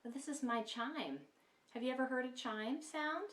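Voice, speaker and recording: A woman teaches a kindergarten lesson in a bright, sing-song voice made for small children. Her voice bounces around a bare classroom. The mic sits some distance away, so she sounds a little distant and hollow. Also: high voice, normal speed. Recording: echoey room, mic set back.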